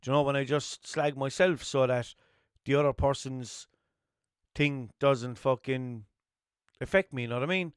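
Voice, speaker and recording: A man's voice: mid-range voice, a little fast, smooth, dry recording, studio quality. A young man from Limerick with an Irish accent, talking in a rambling, swearing, self-mocking way as a podcast host. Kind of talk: casual solo monologue.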